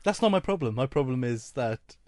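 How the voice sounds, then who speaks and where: Man, emphatic, opinionated, slightly low voice, dry sound. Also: animated, fairly quick, darkish tone, no echo. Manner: opinionated, emphatic complaints with a laugh in the voice. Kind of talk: casual chat.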